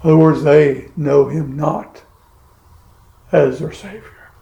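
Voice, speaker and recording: A man preaching a sermon in a slow, measured way, pausing heavily between emphatic phrases. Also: a little high, vocal fry, warm tone, roomy sound, highs cut off.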